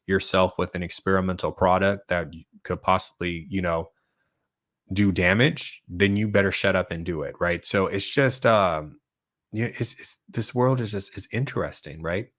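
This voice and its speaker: A man with a low, deep voice talks loosely and at length to his channel's viewers, reacting to their comments as he goes. He keeps tagging his points with "right?" and breaks into short laughs. The sound is dry and close, with no room echo. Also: normal speed, fairly bright tone. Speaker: channel host. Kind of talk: casual livestream monologue answering viewer comments.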